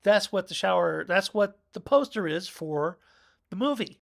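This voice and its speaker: Chatty man with a gravelly voice. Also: fairly high pitch, lively intonation, moderate pace. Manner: rambling, chatty, jokey. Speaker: film reviewer. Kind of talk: casual video review.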